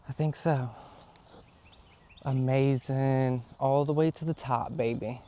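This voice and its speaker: A young man chatting casually outdoors as he repots plants, excitable and quick to exclaim at things around him. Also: mid-range voice, loud music behind the voice. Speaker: vlogger. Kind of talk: casual chat while gardening. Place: outdoors, yard.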